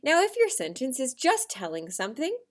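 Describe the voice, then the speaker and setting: A woman teacher giving a recorded lesson to young children, expressive and acting out examples with big shifts in her voice. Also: sits high, brisk.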